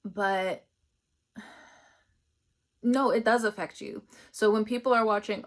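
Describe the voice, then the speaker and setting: A woman's voice: medium pitch, steady tone, slow, pauses often. A young woman giving a casual, rambling spiritual reading, chatty and laughing often. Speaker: tarot reader.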